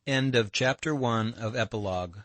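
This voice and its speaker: A man narrating a classic novel as an audiobook, in a measured storytelling manner, recorded close to the mic. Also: medium pitch, a bit bright, no echo. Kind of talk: scripted narration.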